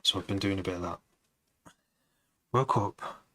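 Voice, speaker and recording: A man's voice: low voice, completely flat delivery, rapid-fire, a bit bright, dry recording. A man producing music on a live stream, chatting to viewers in a rambling, casual way.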